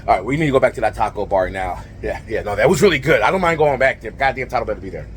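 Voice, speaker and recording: A man cutting a brash, rambling comedic wrestling promo, full of fillers and sudden yells. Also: medium pitch, expressive, racing, a little hiss or hum.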